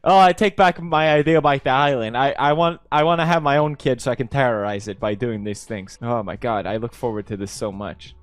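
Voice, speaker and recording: A man's voice: medium pitch, fairly quick, few pauses, clean tone, no room sound. A young man from Sweden reading posts aloud in casual commentary, sarcastic and playful, laughing often.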